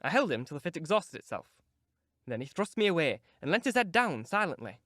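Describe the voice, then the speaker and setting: A man narrating a classic novel as an audiobook in a measured, steady reading. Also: a little high, no echo, studio quality. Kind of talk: scripted narration.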